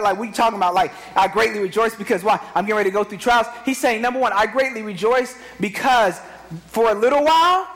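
Male pastor, 30s, high voice, lively call-and-response sermon. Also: fast talker. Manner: animated, repetitive, call-and-response preaching. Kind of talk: energetic sermon.

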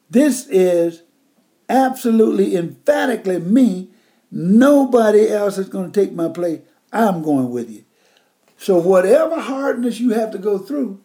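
Slow, warm-voiced old preacher man. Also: high voice. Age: older. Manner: folksy, emphatic, swings between loud and hushed. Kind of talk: sermon.

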